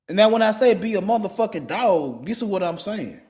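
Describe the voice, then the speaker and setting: A man's voice: high voice, lively intonation, a little fast, hardly any pauses, darkish tone. A man in his forties delivering a blunt, profane monologue in a repetitive, emphatic way.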